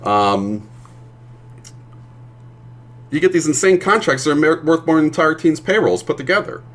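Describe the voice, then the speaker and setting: A man's voice: a little high, lively intonation, normal speed. A male streamer chatting casually while he plays, ranting with plenty of swearing. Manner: profane, ranting.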